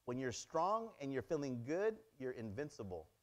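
A male pastor preaching a sermon, acting out little dialogues and swinging between loud exclamations and quiet asides. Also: medium pitch, normal speed. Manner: animated, acts out dialogues in many voices. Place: church.

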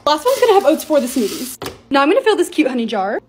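A young woman narrating her vlog in voice-over, bubbly and excitable. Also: high-pitched, fast, slight background noise. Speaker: lifestyle vlogger.

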